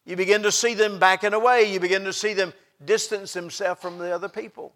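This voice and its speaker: A middle-aged man preaching a sermon, impassioned, swinging from loud outbursts to hushed asides. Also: high-pitched, steady tone, brisk.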